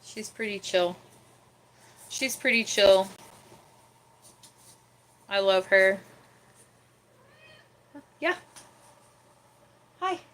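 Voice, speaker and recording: A young woman chatting casually on her livestream, often cooing at her cat in a soft baby-talk voice. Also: mid-range voice, animated, extremely slow, pauses often. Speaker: livestream host.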